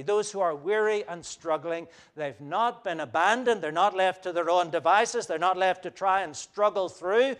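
A man's voice: high-pitched, clear, resonant tone. A man preaching a sermon as pastor, earnest, with frequent fillers and restarts.

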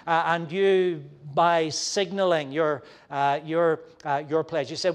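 A man preaching a sermon to his congregation, earnest and animated, now and then acting out quoted voices. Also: a little high, takes it slowly, few pauses, clean tone. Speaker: pastor.

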